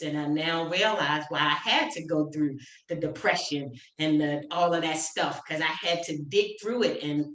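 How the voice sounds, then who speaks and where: Animated woman in a roomy echo. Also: sits low. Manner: animated, acts out quoted voices, repeats herself. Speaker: panel guest sharing stories. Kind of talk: casual group chat. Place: home, on a video call.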